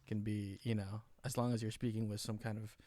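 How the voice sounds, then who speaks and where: A man's voice: on the low side, flat delivery, fast talker, mellow, no echo, clean studio sound. A man co-hosting a casual live panel chat, reading out viewer comments and joking with mock voices. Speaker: co-host.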